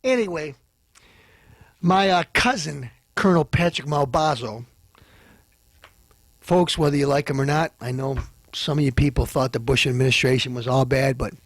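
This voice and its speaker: A man hosting a comedy show, ranting and hurling insults, swinging between loud outbursts and low mutters. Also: normal speed, long pauses, dry recording. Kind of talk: ranting comic commentary.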